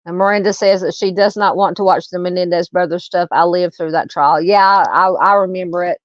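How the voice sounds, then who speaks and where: A woman's voice: fairly low pitch, fairly even intonation, fairly quick, no echo, lo-fi sound. A middle-aged Southern woman hosting a live true crime stream, chatting casually, greeting viewers and reading comments in a rambling way with many fillers and restarts. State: hiccups.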